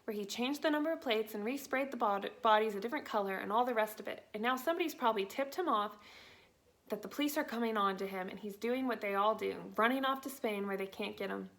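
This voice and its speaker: A woman voicing a gentle, kindly woman schoolteacher in a storybook reading, soft and reassuring. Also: on the high side, fast. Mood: gentle, concerned.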